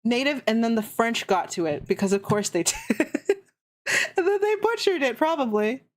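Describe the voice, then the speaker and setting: A woman's voice: fairly high pitch, lively intonation, normal speed. A woman streaming, chatting casually and ranting with heavy swearing. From Canada. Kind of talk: casual chat.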